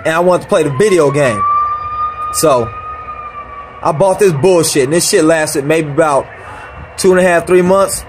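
A man's voice: on the high side, moderate pace, long pauses, background noise. An angry man talking casually as he repairs electronics on camera, swearing constantly and rambling. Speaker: vlogger repairing a console power supply. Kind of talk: profane casual repair vlog.

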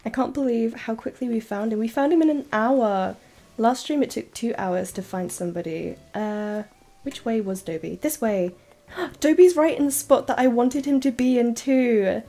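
Chatty giggly lady streaming a game, kinda high voice, gets squealy when excited. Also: normal speed. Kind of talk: casual live-stream chat while playing.

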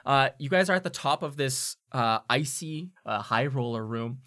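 A man's voice: mid-range voice, expressive, normal speed, bright, forceful tone. A man narrating as game master in a tabletop game, describing scenes with many fillers.

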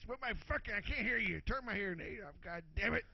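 A man voicing a cranky old male boxing trainer with a raspy, barking voice. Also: high-pitched, animated, fast talker, highs cut off, full character voice.

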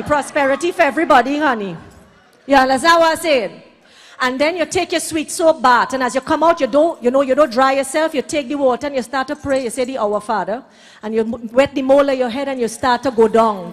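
High-voiced and brash, a Trinidadian woman performs bawdy stand-up live in a hall, telling stories and shouting the punchlines.

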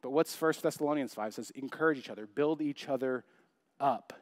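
A man's voice: mid-range voice, brisk, dry recording, studio quality. A young adult man preaching a sermon in church, chatty and joking, full of rhetorical questions. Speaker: pastor.

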